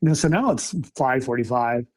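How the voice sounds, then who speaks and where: A middle-aged man casually telling an excited story about a camping trip with his family. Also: medium pitch, brisk. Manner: animated, excited retelling with acted quotes. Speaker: storyteller recounting a camping encounter.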